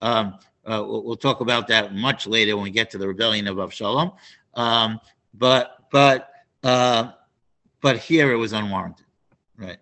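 A man teaching a Torah class, animated and prone to restarts and asides. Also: lowish voice, normal speed. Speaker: Bible teacher.

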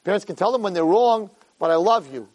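A man in his fifties giving an animated Jewish ethics talk as a rabbi lecturer, repeating phrases for emphasis and dropping Hebrew and Yiddish terms. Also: a little fast, low-quality recording. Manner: animated, swings from low asides to high shouted quotes.

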